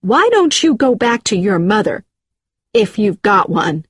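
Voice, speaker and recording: A woman voicing an upset, jealous woman who pleads through tears and then turns cold and sharp. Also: medium pitch, big pitch swings, unhurried, breathy edge, no echo. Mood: cold scolding. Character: upset jealous woman, fiancée, shrill and tearful.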